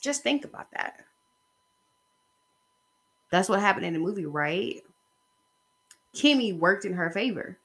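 A woman's voice: mid-range voice, expressive, unhurried, long pauses, fairly bright tone. A woman talking in a casual opinion vlog, rambling and emphatic as she speaks straight to her viewers. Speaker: vlogger.

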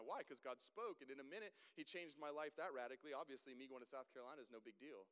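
A man's voice: mid-range voice, rapid-fire, hardly any pauses, clear, resonant tone. A man telling a personal testimony to a gathering, acting out the voices of people in his story. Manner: animated storyteller, acts out dialogue. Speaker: guest speaker. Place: large hall with long reverb. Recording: hall reverb.

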